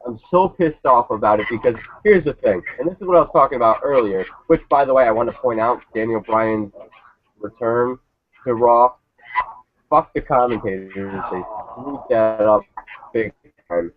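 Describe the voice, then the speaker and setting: A man's voice: medium pitch, normal speed, no room sound. A man on a casual review panel, ranting with profanity and sarcasm. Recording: tinny phone-like line, dry.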